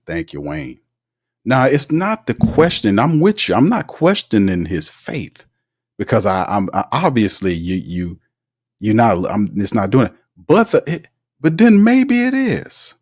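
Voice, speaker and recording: A man hosting a casual live sports talk show, reading out viewer comments in an animated, slangy way and laughing often. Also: on the low side.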